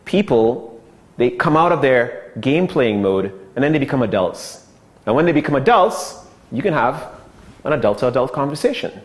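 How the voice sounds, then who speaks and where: A man teaching an online sales course in a casual, conversational way, often checking in with "okay" and acting out short quoted lines. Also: mid-range voice. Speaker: sales trainer.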